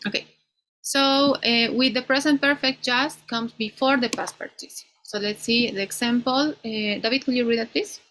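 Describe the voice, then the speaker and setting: A woman teaching an English grammar class, explaining slowly and ending many points with "no?". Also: on the high side, fairly even intonation, a bit bright, a little hiss or hum, rough recording. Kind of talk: online class lecture.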